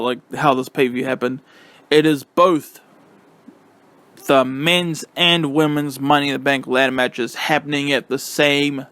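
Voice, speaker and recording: A young man casually reviewing a wrestling event, excitable and rambling with lots of fillers. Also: a little high, smooth, no room sound.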